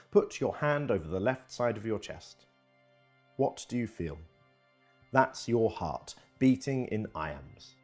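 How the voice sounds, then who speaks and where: A man's voice: fairly low pitch, breathy edge. A man giving scripted educational narration, reading expressively.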